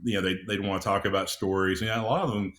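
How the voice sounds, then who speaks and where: A middle-aged man with a low, deep voice speaks as a podcast guest. He talks at an unhurried, measured pace and fills his pauses with "uh"s and small restarts. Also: steady tone, fairly bright tone. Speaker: audiobook producer, guest. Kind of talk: casual interview chat.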